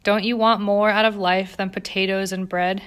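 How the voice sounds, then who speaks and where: A woman's voice: medium pitch, little pitch movement, normal speed, a bit bright, smooth, close to an everyday voice. A woman voicing a fiery, indignant young female factory worker who speaks in a heated, accusing way. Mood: earnest.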